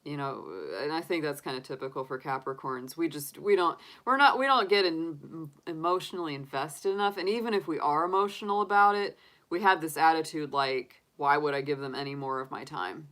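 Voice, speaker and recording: Low-voiced chatty woman, laughing often. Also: a bit bright. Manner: chatty, laughs often, talks through her own reactions. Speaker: tarot reader answering live chat. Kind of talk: casual livestream chat.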